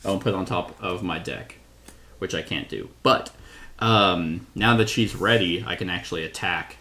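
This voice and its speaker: Low-pitched yet bright and forceful, a board game reviewer talks at a moderate pace through a solo card game playthrough. He thinks out loud, reads card text, and corrects himself as he plays.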